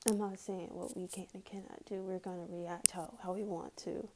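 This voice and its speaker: A woman's voice: on the low side, flat delivery, moderate pace, background noise. A woman ranting heatedly in a casual vlog, swearing often and breaking into nervous laughs.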